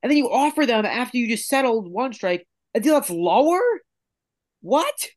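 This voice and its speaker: A man's voice: very high voice, expressive, moderate pace. A man co-hosting a casual podcast, ranting in an exasperated way. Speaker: podcast co-host.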